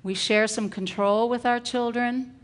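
A middle-aged woman, a teacher, giving a parenting talk and acting out calm, firm example phrases. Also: a little high, measured pace.

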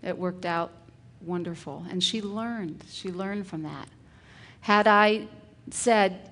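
A woman, a kindergarten teacher, giving a parenting talk full of classroom stories and acting out the dialogue in gentle, earnest tones. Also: lowish voice, measured pace. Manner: acts out dialogue with a shift of voice.

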